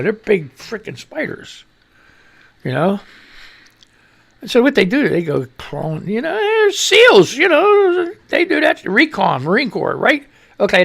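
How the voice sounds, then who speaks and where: A man's voice: high voice, gravelly, fairly bright tone. A man hosting a lunchtime radio talk show, reading news items and posts aloud and riffing on them in a loose, rambling, joking way. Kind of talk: rambling comedic news commentary.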